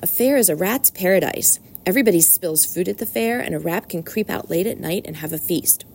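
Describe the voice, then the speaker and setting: A woman voicing a wise, persuasive old barnyard sheep in a storybook reading, slowly savoring long lists. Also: lowish voice, animated, creaky, a little mellow, a little hiss or hum. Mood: coaxing.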